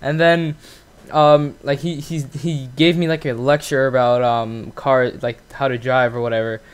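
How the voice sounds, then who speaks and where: A man's voice: mid-range voice, flat delivery, moderate pace, clean tone. A teenage boy hosting his own channel, telling a story in a casual, profane rant full of fillers. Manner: profane, ranting, lots of fillers. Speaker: gaming channel host.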